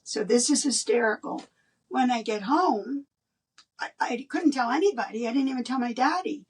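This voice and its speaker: An older woman, a guest in an interview, telling a personal story in an animated way and laughing between lines. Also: fairly high pitch, moderate pace, slightly rough, distant mic.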